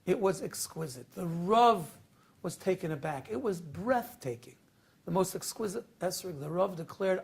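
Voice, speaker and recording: A man with a very high, gravelly voice tells a sermon story with a lilt. He goes from a near hush to loud, emotional peaks as he acts out the scenes. He speaks as a rabbi drawing a lesson for his listeners. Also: expressive, normal speed. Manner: dramatic storyteller, swings from hushed to loud.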